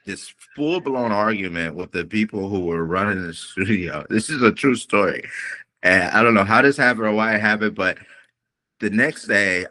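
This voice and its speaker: Low-voiced man telling a story with flair. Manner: animated storyteller acting out quoted voices. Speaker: guest singer. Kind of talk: storytelling in a podcast interview.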